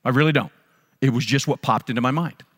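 His voice is mid-range and husky, and he talks quickly. This pastor is preaching in a church sanctuary, recounting a personal story in earnest, often restarting and repeating phrases to drive points home, with a big hall's long reverb around him.

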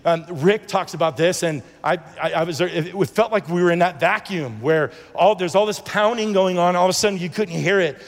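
This preacher's high voice moves a little fast with hardly any pauses, and the room sounds big. He gives his faith testimony as a sermon, earnestly rambling through many restarts and acted-out conversations.

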